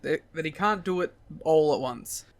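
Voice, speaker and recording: A man's voice: a little high, lively intonation, moderate pace, no echo. A man co-hosting a casual podcast, adding blunt, wry quips. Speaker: podcast co-host.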